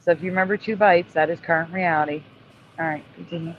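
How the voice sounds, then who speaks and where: A man's voice: fairly high pitch, steady tone, fast talker. A man hosting a casual talk, presenting topics in an upbeat, exclamatory way. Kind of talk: casual chat. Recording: dull lo-fi sound with faint noise.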